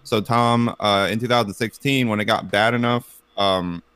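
A man's voice: fairly even intonation, moderate pace, a bit bright, clean tone, no room sound. A man telling a story on a casual group podcast, rambling with lots of fillers and restarts. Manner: puts on silly high cartoon voices.

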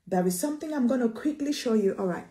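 Woman preacher, high and insistent; emphatic sermon delivery with repeated lines. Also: expressive, fast, dark tone. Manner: emphatic, repeats phrases, calls listeners sweetheart.

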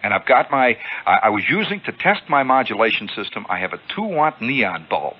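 A man spinning an animated, chuckling radio monologue and acting out the scene, heard through a lo-fi old radio broadcast. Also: mid-range voice, a little fast, slightly rough. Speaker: radio storyteller.

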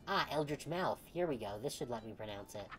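Brief: woman let's-player, joking, low and animated voice. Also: fairly quick, slight background noise. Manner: playful, joking, laughs often. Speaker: game streamer. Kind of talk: casual let's-play commentary.

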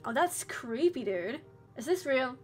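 A woman's voice: high voice, lively intonation, measured pace, soft background music. A woman playing a game and reading its dialogue aloud in put-on voices, breaking off to chat about it. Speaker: game streamer.

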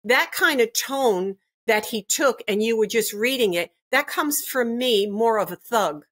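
A woman's voice: a little high, lively intonation, unhurried, a bit bright. An older woman and grandmother giving an interview, talking emphatically and indignantly, often repeating herself. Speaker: interview guest.

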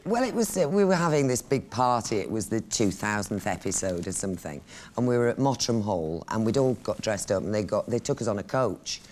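A woman's voice: extremely low pitch, big pitch swings, fairly quick, darkish tone. A middle-aged woman appearing as a guest on a chat show and telling a chatty anecdote with giggles. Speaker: guest actress.

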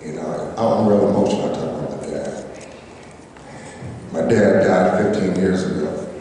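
A middle-aged man with a very low, mellow voice gives a hall of fame acceptance speech, halting and joking between fillers. He sounds distant, recorded from far back in a large hall with long, heavy reverb and faint ambience. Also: a little hiss or hum.

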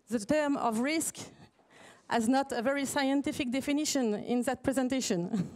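A woman's voice: on the high side, darkish tone. A woman with a French accent, a native French speaker, giving a conference presentation in a hesitant way, with many fillers and restarts.

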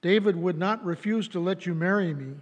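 A man reading aloud as a young princess pleading desperately. He keeps his own high, plain voice. A long reverb trails each phrase. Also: a little fast, muffled recording.

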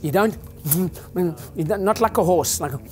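A man's voice: high voice, measured pace, a little mellow, soft background music. An older man, a chiropractor, giving an informal talk to an audience in a rambling, joking, preacher-like way.

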